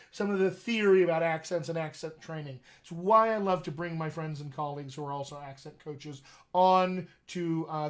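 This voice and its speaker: Man, slightly high voice, chatty and joking, livestream host on a video call. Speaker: dialect coach hosting a live session. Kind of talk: casual livestream talk to viewers.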